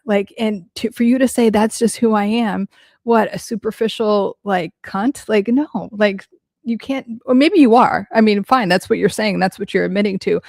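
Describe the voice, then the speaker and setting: A woman's voice: medium pitch, gravelly, a little mellow, no room sound, clean studio sound. A woman hosting a casual live Q&A as a psychology coach, speaking bluntly and frankly with lots of "like". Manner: blunt, frank, heavy use of "like".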